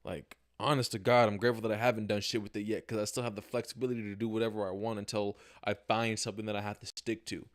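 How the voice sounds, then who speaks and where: A man's voice: on the low side, level tone, quick pace, hardly any pauses. A young man hosting a casual solo livestream podcast, talking candidly into a camera with slang and swearing, often acting out his own reactions. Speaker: podcast host. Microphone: camera mic, talking to camera.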